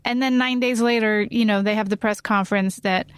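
Woman host, relaxed interview chat, smooth clear voice, dry close sound. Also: on the high side, a little fast, dry recording. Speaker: podcast host. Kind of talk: conversational interview.

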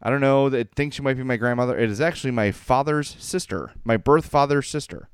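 Male podcast co-host, rambling and self-mocking, smooth resonant voice. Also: mid-range voice, brisk, no echo, clean studio sound. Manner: rambling, self-deprecating, laughs often. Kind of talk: casual chat.

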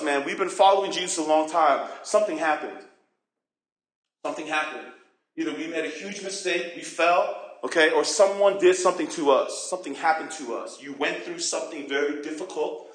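A man preaching a sermon as pastor, expressive and acting out voices and questions. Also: a little high. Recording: roomy echo.

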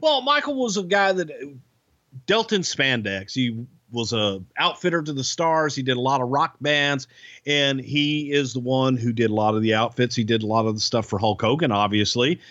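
A man who is a guest on a podcast, talking bluntly in a gruff, casual way and swearing freely. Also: medium pitch, animated, moderate pace, fairly bright tone, no room sound, dull audio.

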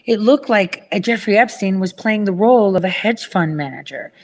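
Woman, casual rant, rambling, profane, mid pitch, mimics others. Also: animated, moderate pace, a little mellow. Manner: rambling, swears, acts out quoted people in a higher voice. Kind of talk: casual ranting chat.

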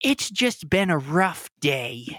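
A man's voice: on the high side, very animated, slow pace, a bit bright, no room sound, studio quality, voice pushed up, heavily acted. A man voicing a weepy, dramatic actress who sniffles and sighs as she speaks. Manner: sniffly, breathy, theatrical. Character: weepy dramatic young leading lady.

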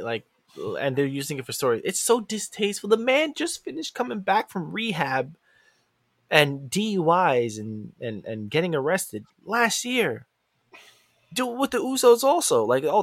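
On a casual wrestling podcast, a male co-host retells a show like an animated storyteller, acting out quotes with big jumps in his voice. The recording is dry, with clean studio sound.

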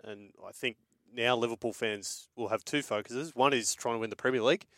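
A man giving measured, confident football analysis on a radio show. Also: mid-range voice, a bit bright, no echo, studio quality. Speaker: football pundit. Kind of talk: sports analysis.

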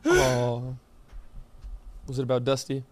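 A man's voice: sits high, lively intonation, a little fast. A young man co-hosting a podcast, chatting casually, teasing his friend and laughing often while telling stories. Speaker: podcast co-host. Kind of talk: casual chat.

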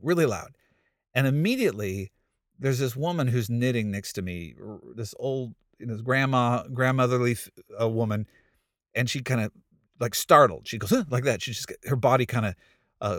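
A pastor gives a storytelling sermon with humor, recounting a funny tale of his own failures in a casual, self-deprecating way and laughing at himself. His voice is on the low side, recorded with studio quality and no room sound.

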